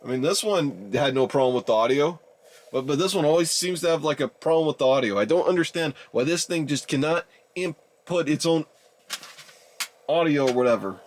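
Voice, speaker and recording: A young man in his twenties giving casual, rambling video commentary, exasperated and addressing his viewers as ladies and gentlemen. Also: on the high side, lively intonation, fairly quick, slight background noise. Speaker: YouTuber reviewing a DVD player.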